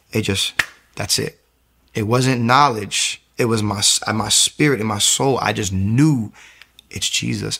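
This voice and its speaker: A man giving an emotional personal testimony as an interview guest, telling his story quickly and acting out what people said. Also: lowish voice, gravelly. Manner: fast, animated storytelling, acting out quotes.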